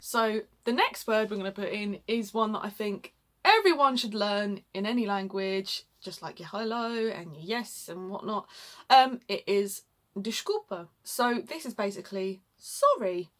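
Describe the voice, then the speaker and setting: A woman's voice: medium pitch, expressive, a little slow, a bit bright. A young British woman co-hosting a casual language lesson, self-mocking and laughing often. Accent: British English. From United Kingdom. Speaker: co-host, learner. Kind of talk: casual teaching chat.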